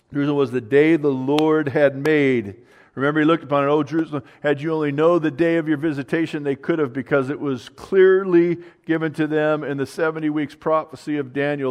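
A man preaching a sermon as pastor. He reads scripture aloud and swings from soft, low asides to loud proclaiming. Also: long reverb tail.

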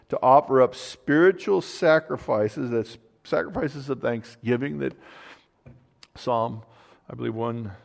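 A man preaching a sermon as pastor. He reads scripture aloud and swings from soft, low asides to loud proclaiming. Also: gravelly, long reverb tail.

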